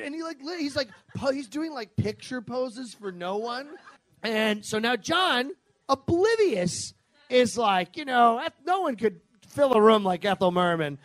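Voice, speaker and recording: A man telling a true comic story live, animated and profane, often laughing through his lines. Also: extremely high pitch, unhurried, no echo.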